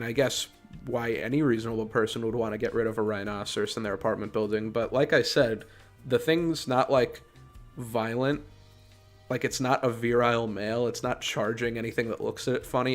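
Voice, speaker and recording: Fields: Sex: man. Role: podcast host. Style: sarcastic, exasperated movie review. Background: faint music. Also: medium pitch. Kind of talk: casual spoken review.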